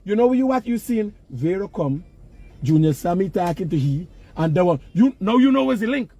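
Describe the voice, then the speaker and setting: A man's voice: high-pitched, sing-song, brisk, dark tone. A man with a Guyanese accent, talking casually and emphatically outdoors, lecturing passers-by about work and money. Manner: lecturing, emphatic, Creole-laced. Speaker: vlogger. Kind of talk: casual street vlog talk. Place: outdoors near work sites.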